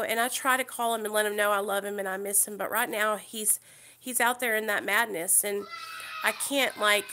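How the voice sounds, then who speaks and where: A woman's voice: medium pitch, slight background noise. A woman, telling a personal story in a casual livestream and chatting with her viewers. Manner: chatty, animated, talks to chat viewers. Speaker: livestream host.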